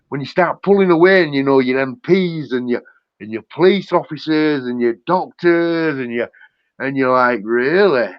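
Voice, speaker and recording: A man in the middle of a heated livestream rant, his voice sitting a little higher than most men's. He swears often and circles back over the same points. The sound is dull and lo-fi, with a dry, close feel and no room around it. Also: dry recording. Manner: angry, profane, repetitive ranting. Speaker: livestream host.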